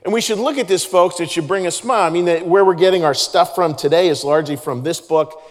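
Pastor preaching in an echoing hall. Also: male voice, high voice, quick pace. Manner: earnest and conversational, with frequent restarts. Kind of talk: sermon. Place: large church hall. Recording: reverberant church hall.

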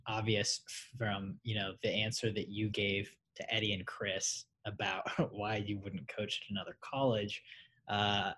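A man's voice: fairly low pitch, little pitch movement, unhurried, fairly bright tone, slight background noise. A man hosting a podcast interview, giving short encouraging replies and then a question. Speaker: podcast host. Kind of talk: casual interview. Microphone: podcast microphone.

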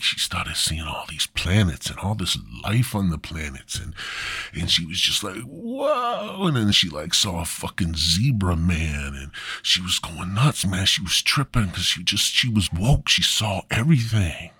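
A man's voice: breathy edge, dry recording, clean studio sound. A man hosting a podcast, telling a crude comic story in a rambling, profane way. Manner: rambling and profane, with lively swings in pitch. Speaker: podcast host.

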